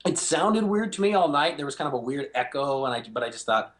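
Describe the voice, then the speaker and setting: A man being interviewed as a guest, telling stories in an animated way and acting out the voices of people he quotes. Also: a little high, quick pace. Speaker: guest, game show host. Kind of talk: phone interview, storytelling.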